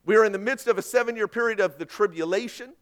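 A man preaching a sermon, swinging between quiet asides and loud, dramatic questions. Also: sits high, fast talker. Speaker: pastor.

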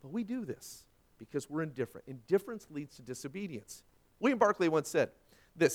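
A man delivering a sermon in a slightly high voice. He surges to loud, emphatic peaks and then falls back to hushed, earnest passages, pressing each point home. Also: lively intonation, a little fast. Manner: dynamic preaching, rising to loud emphatic peaks and dropping to quiet. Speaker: pastor.

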